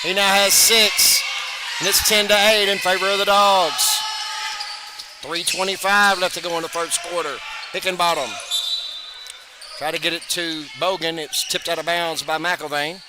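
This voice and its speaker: A man calling a high school basketball game play-by-play, running through passes quickly and rising on made shots. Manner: rapid calls, bursts of excitement on made shots. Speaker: play-by-play announcer. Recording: noisy gym ambience behind voice.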